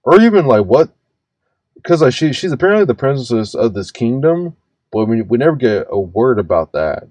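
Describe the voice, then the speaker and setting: A man's voice: medium pitch, very animated, normal speed, darkish tone, no echo. A man in his twenties ranting in reaction commentary, stammering, restarting his words and swearing freely. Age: 20s. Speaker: commentary host reacting to a video.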